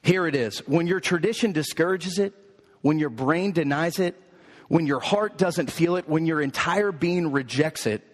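A pastor with a fairly high voice delivers a rhythmic sermon and builds his points through emphatic repetition. His words ring out with a long hall reverb behind them. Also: normal speed. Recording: echoey hall.

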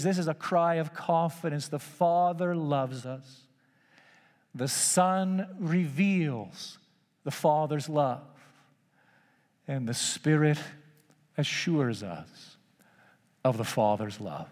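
A man's voice: a little high, slow pace, long pauses, darkish tone, in a large hall. A man preaching a sermon, emphatic and repeating key phrases for weight.

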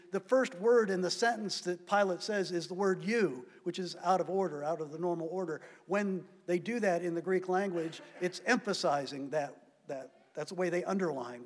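A man preaching a sermon, stressing key words loudly and then dropping to quiet asides. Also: sits high. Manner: emphatic preaching, swinging between loud stresses and quiet drops. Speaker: pastor. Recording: long hall reverb.

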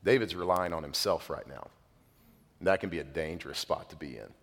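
A man's voice: low-pitched, brisk, creaky, fairly bright tone. A man preaching a sermon as a pastor, earnest and conversational, dropping casual fillers as he speaks to his church. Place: church sanctuary. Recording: long reverb of a large hall.

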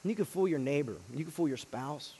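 A man preaching a sermon, swinging between loud emphasis and hushed, quiet lines. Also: on the high side, quick pace, in a large hall, slight background noise. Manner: dynamic delivery, swinging from loud emphasis to hushed near-whispers. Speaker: pastor.

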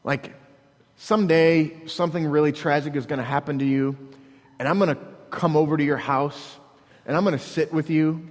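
A man preaching a sermon as a pastor, earnest and halting, often repeating words as he restarts, breaking into dramatic quoted prayers. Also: fairly high pitch, in a large hall.

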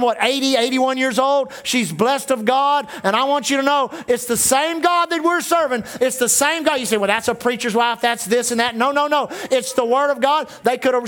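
A man's voice: very high voice, fairly bright tone. A man in his sixties preaching a sermon as pastor, emphatic and full of repeated declarations.

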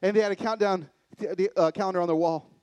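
A middle-aged man giving a sermon-style talk from a live event stage, swinging from excited loud bursts to hushed, intimate lows. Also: fast talker, no echo. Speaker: conference speaker.

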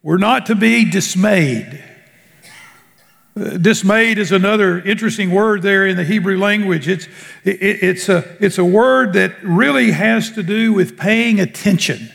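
High gravelly preacher guy, slow emphatic sermon, long hall echo. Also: fairly bright tone. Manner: slow, emphatic preaching with drawn-out words and sudden drops in pitch.

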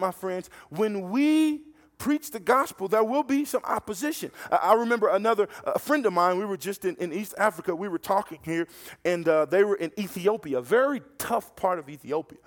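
High-voiced fervent male preacher. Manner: fervent, storytelling, repeats words when restarting. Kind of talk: sermon.

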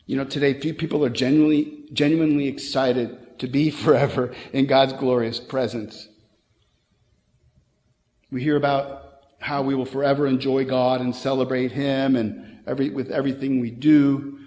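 A man preaching a sermon as pastor, earnest and emphatic, with quick conversational asides. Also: mid-range voice, flat delivery, a little mellow, lo-fi sound. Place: church sanctuary. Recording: long hall reverb.

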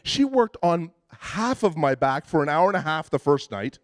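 A man's voice: fairly high pitch, sing-song, normal speed, no echo, studio quality. A man preaching a sermon in a conversational, self-deprecating way, often restarting his sentences. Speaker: pastor.

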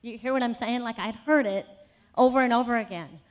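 A woman's voice: a little high, brisk. A woman speaker at a conference sharing a personal testimony in a sermon, telling her story conversationally with many asides and building to emphatic conviction. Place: conference session.

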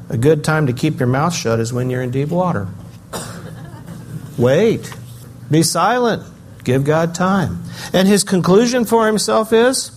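An older man preaching a sermon, swinging between loud emphasis and quiet, reflective asides. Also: fairly high pitch, a little hiss or hum. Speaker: pastor.

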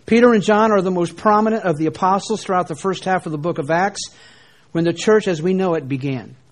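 Slow, deliberate high-voiced male preacher. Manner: slow, deliberate reading of scripture with dramatic pauses. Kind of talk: Bible teaching sermon.

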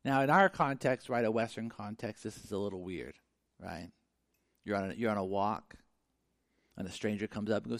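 A man's voice: medium pitch, fairly quick, gravelly, dry recording, clean studio sound. A man preaching a conversational sermon, telling stories with lots of fillers and acted-out asides. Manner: conversational, animated storytelling with many fillers. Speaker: pastor.

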